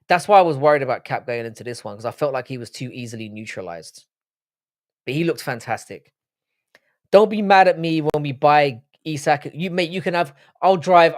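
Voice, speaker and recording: A man's voice: fairly high pitch, animated, fairly quick, no echo, studio quality. A young man hosting a live-stream panel, talking in casual, blunt and profane banter. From United Kingdom. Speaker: livestream panel host.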